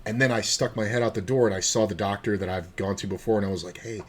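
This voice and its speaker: Male poker streamer, low voice, rambling and profane, faint hiss and typing behind him. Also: fairly even intonation, fast. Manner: swears freely, rambling, mutters to himself. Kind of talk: casual live-stream commentary and storytelling.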